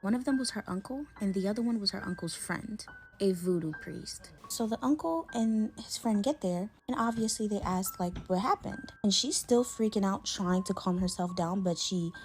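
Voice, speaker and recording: A young woman casually retelling a creepy story in a chatty, slangy way, with dramatic pauses. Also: mid-range voice, darkish tone, soft background music.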